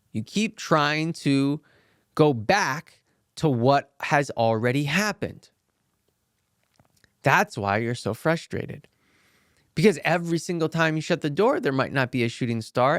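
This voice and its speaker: A man voicing a patient male monk who answers in a calm, measured, teacherly way. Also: a little high, no echo, clean studio sound.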